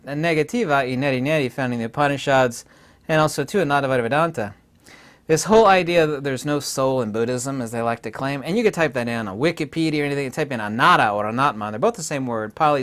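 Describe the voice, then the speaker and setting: Emphatic, self-assured man lecturing. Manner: emphatic, digressive, self-assured, with sudden bursts of higher, louder delivery. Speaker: channel host lecturing on philosophy. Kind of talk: unscripted solo monologue.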